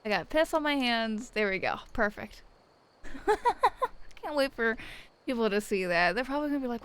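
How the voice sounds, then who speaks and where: A woman's voice: fairly high pitch, lively intonation, moderate pace, long pauses, a bit bright, clean tone, poor audio. A young woman streamer telling a rambling, profane story in casual chat, often laughing. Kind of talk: casual chat while gaming.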